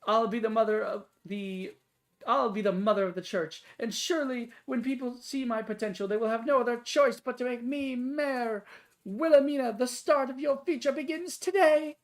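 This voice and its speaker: A woman's voice: fairly high pitch, normal speed, voice pushed up, close to an everyday voice. A woman voicing a haughty, lovesick, grandiose woman in a game, reading her lines in a pompous, theatrical manner. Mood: dreamy, grand. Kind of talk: game dialogue read aloud.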